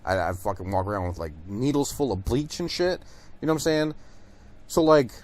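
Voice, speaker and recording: A man's voice: mid-range voice, lively intonation, fairly quick, darkish tone. A young man from Detroit hosting a podcast, telling stories in a rambling, profane monologue full of fillers. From Detroit, USA. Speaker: podcast host. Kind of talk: casual monologue.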